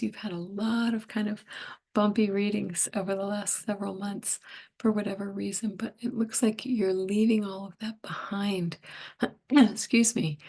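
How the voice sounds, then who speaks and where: A middle-aged woman giving a tarot reading, hoarse and losing her voice, half whispering in a gentle, musing way. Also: mid-range voice. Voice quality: breathy, partly whispered. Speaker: tarot reader.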